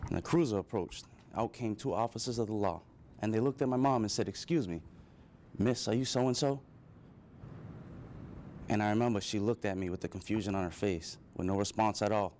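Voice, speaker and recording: A man's voice: on the low side, fast talker, a little mellow, slight background noise. A man speaking to a live audience, telling his own childhood story with earnest emotion. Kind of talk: personal storytelling speech.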